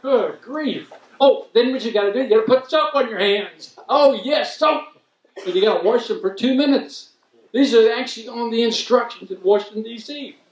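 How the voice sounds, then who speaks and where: A man's voice: very high voice, normal speed. A man doing a rambling, self-mocking stand-up set at a community event. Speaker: stand-up comedian. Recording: roomy hall, mic heard from a distance.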